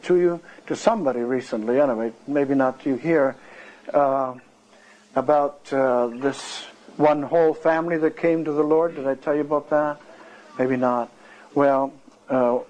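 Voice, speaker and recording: A man's voice: mid-range voice, darkish tone, poor audio. A male preacher telling a revival story in a sermon, earnest and anecdotal, acting out the dialogue.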